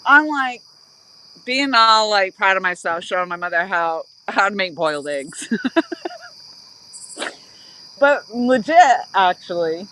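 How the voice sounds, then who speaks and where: A woman's voice: mid-range voice, expressive, takes it slowly, long pauses, bright, forceful tone, a little hiss or hum, poor audio. A woman hosting a casual fishing live stream outdoors by a river, laughing often as she chats. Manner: giggly, keeps breaking into laughter.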